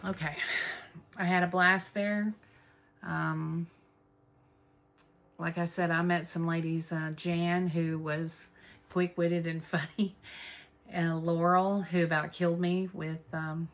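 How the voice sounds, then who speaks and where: Low gravelly woman chatting. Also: little pitch movement, slow, long pauses. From North Texas. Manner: chatty, rambling, warm about friends, with fillers. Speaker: Flosstube vlogger. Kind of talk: casual chat to camera.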